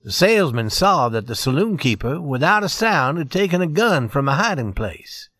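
Expressive male storybook narrator. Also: fairly high pitch, moderate pace, dry recording, studio quality.

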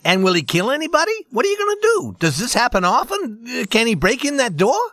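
A man's voice: very high voice, wildly swooping pitch, moderate pace, fairly bright tone, dry recording, clean studio sound, pitched above the performer's own voice, exaggerated voice. A man voicing a talkative traveling salesman who grows frightened and fires off nervous questions in a storybook reading. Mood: anxious.

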